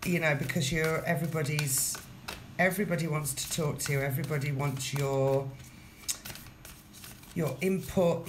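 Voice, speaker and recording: A woman with a lowish voice gives a relaxed tarot reading, chatting straight to her viewer. She repeats her phrases as she goes. A faint hiss sits under the recording. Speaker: tarot reader. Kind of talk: casual tarot reading to camera.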